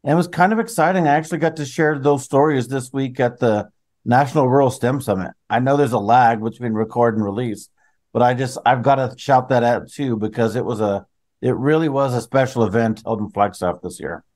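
A man's voice: medium pitch, fairly quick, a little mellow. A man co-hosting a podcast, a chemistry teacher talking in an enthusiastic, chatty way.

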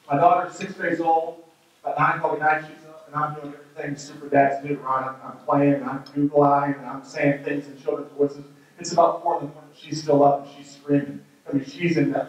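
A man in his thirties giving a keynote speech, telling a funny story with acted-out quotes and lively delivery. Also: fairly high pitch, far from the mic. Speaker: keynote speaker. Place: large hall with an audience. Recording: very echoey hall, heard from afar.

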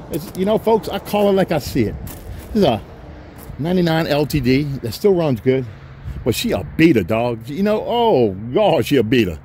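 A man pitching used cars outdoors, talking in folksy, joking salesman patter. His voice sits a bit high for a man. Faint outdoor noise hums behind him. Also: darkish tone. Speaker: used car dealer. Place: outdoors on a rainy car lot.

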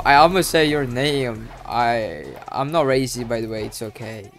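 Casual gameplay commentator, male, laid-back slow talker with excitable outbursts, light game music underneath. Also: mid-range voice. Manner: excitable, shouts and laughs while talking to other players. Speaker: gaming YouTuber.

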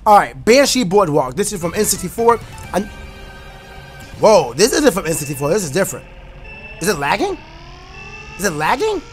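Animated high-voiced young man gaming. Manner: animated, bursts into shouts and freestyle rapping, fast rambling asides. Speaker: gaming YouTuber. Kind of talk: excited gameplay commentary. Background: game music.

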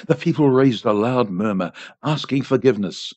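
A man reading a short story aloud in a measured, expressive way for a volunteer radio station. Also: medium pitch, no room sound. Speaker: volunteer reader. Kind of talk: audiobook narration. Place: home studio. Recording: dry, slightly dull home studio.

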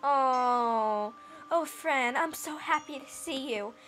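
A woman reading game lines and doing a tired, kindly male cat from a video game. He speaks earnestly and affectionately, in a voice made deeper and manlier. Underneath, the tone stays bright. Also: slow pace, faint music behind. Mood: tender. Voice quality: put-on deeper manly voice. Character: gentle talking black cat, male, weary. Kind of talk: voicing game dialogue.

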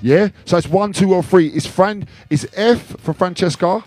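A man's voice: high voice, normal speed, a little mellow. A man hosting a casual video with friends, playful and laughing often, repeating phrases as he talks. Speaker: DJ and video host.

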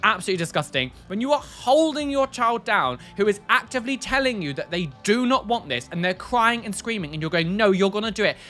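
A man's voice: sits high, big pitch swings, brisk, few pauses, pushed and bright, soft background music. A man hosting a casual reaction video, blunt and exasperated, often sighing and repeating himself for emphasis.

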